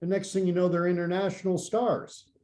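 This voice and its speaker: Mellow man, halting chat. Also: high-pitched, little pitch movement, faint music behind. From Canada. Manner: halting, repeats words while thinking. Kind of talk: casual podcast chat.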